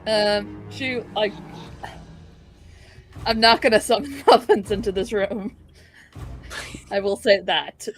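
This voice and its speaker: Woman, player; loose, chatty, filler-heavy over soft music. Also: medium pitch, slow pace, long pauses. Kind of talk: casual tabletop play.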